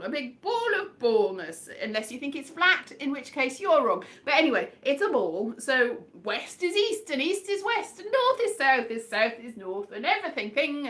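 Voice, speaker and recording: A woman's voice: high voice, bright, forceful tone. A woman comedian with a West Country accent, rambling through a casual, self-deprecating livestream chat.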